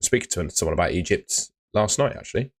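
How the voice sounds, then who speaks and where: A man's voice: sits low, lively intonation, fast talker, slightly rough. A man hosting a casual live stream, chatting loosely with filler words as he reads out viewer comments. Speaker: host of a fantasy football live stream.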